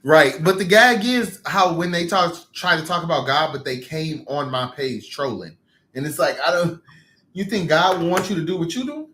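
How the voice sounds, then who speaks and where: A man hosting a live casual chat, emotional and quick to tear up while telling stories. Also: a little high, lively intonation, sharp tone, roomy sound, a little hiss or hum. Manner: emotional, laughing, tearful storytelling. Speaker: livestream host.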